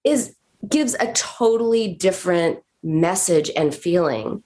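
A woman therapist on a podcast, explaining calmly and acting out what patients say to themselves. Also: fairly low pitch, slow pace. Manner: explanatory, acts out patients' self-talk. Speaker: therapist guest. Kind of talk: podcast conversation.

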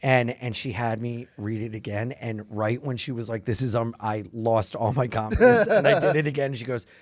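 Animated man telling funny stories. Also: mid-range voice, moderate pace, no echo. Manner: animated storyteller who acts out quotes and laughs often. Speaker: comedian podcast co-host. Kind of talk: casual comedic chat.

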